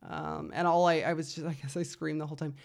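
A woman in her thirties telling a story in casual chat, animated and swearing, acting out what others said. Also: sits low, quick pace, creaky. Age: 30s. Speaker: podcast guest.

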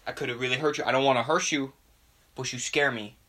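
A man's voice: mid-range voice, steady tone, a little fast, sharp tone. A man mimicking a defensive, boastful young tough guy who makes empty threats. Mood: blustering. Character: blustering young male tough-guy bro.

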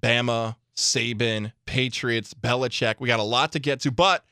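Bright-voiced energetic sports radio host. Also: male voice, mid-range voice, clear, resonant tone, dry recording, clean studio sound. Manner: energetic, emphatic, quick riffs. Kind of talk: sports talk radio banter.

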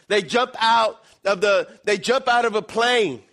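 A middle-aged male pastor preaching an animated sermon, acting out little scenes and swinging between loud and quiet. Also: sits high, measured pace.

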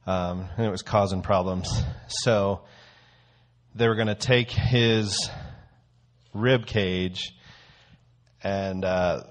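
Low-voiced man giving a casual sermon. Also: fairly even intonation, slow. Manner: conversational, storytelling. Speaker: church teacher.

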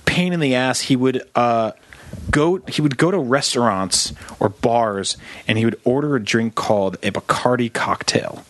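A man's voice: mid-range voice, normal speed. A man co-hosting a comedy podcast, telling a rambling story and mimicking the people in it. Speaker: podcast co-host. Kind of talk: casual comedy chat.

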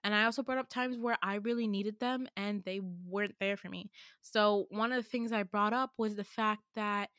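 A young woman hosting a podcast, telling a story in casual chat, animated and swearing freely as she acts out what people said. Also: medium pitch, moderate pace, dry recording, studio quality. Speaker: podcast host.

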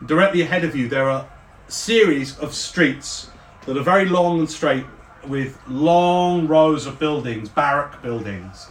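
A man's voice: a little high, animated, a little slow. Roomy-sounding man running a tabletop game. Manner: descriptive, with frequent fillers. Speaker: game master. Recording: roomy, distant mic.

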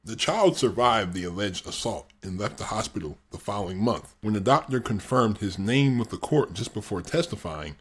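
A man's voice: lowish voice, animated, moderate pace, few pauses, breathy edge. A man hosting a podcast, reading true-crime narration with the odd dry, sarcastic aside. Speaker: podcast host.

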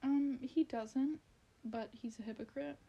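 Casting: young woman, higher voice, husky and mellow, playful podcast guest. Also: a little slow, highs cut off. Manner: playful, teasing, joking. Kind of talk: casual chat.

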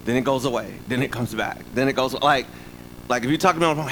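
A man preaching a sermon in an animated, joking way, with rhetorical asides to the congregation. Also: mid-range voice, fast, noisy background. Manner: animated, humorous, call-and-response asides.

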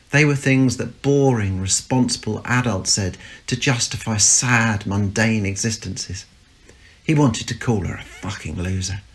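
A man reading a short story aloud in a steady, even narrating voice. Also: fairly low pitch. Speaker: story reader.

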